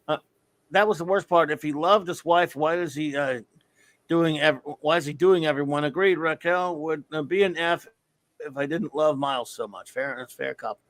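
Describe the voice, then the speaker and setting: A man's voice: on the high side, moderate pace, a bit bright, no echo. A man co-hosting a podcast, reading listener reviews aloud in a joking, rambling way full of fillers. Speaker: podcast co-host.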